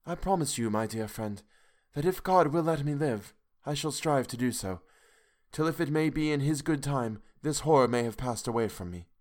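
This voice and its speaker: A man's voice: medium pitch, lively intonation, fairly quick, voice pushed up, close to an everyday voice. A man reading aloud as a brave, sorrowful young woman who speaks with earnest resolve.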